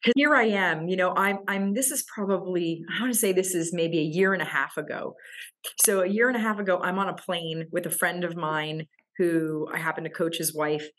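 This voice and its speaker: On the low side, brisk and a bit bright, this woman is a leadership coach appearing as a guest in a casual interview. She tells stories animatedly, often repeating words as she thinks and laughing between thoughts.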